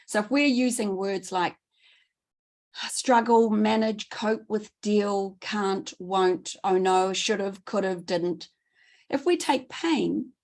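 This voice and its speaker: A middle-aged woman giving a training talk, enthusiastic and quick, repeating words for emphasis. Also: mid-range voice, creaky, darkish tone. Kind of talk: presentation talk.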